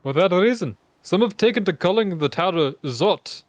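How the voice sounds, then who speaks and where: A man's voice: sits high, animated, moderate pace, no room sound. A man voicing a modest, grateful fisherman from a village, as a fan reading of game dialogue on a dull home mic. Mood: earnest. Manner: friendly, modest.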